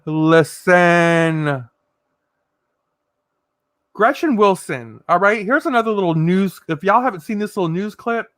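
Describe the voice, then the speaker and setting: A man's voice: high voice, dry recording. A man hosting a casual livestream, reading out viewers' comments and giving sassy, profane pep talks. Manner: lively, swings between loud and soft. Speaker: livestream host.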